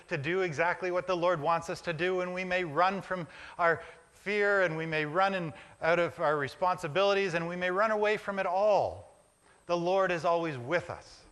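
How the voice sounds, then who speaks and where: Bright-voiced male pastor preaching. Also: high voice, clear, resonant tone. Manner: reflective, builds images in short repeated phrases. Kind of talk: sermon. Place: church sanctuary.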